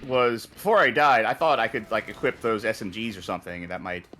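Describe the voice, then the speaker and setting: A man's voice: lowish voice, quick pace, sharp tone, soft background music. A man co-hosting a let's-play, playing the game and making amused, rambling remarks.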